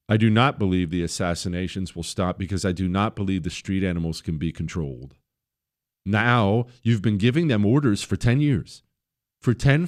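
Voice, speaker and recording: Guy hosting a political radio show, combative and sarcastic, mid pitch, keeps repeating himself for punch. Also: darkish tone. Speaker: radio talk show host. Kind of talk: political talk radio monologue.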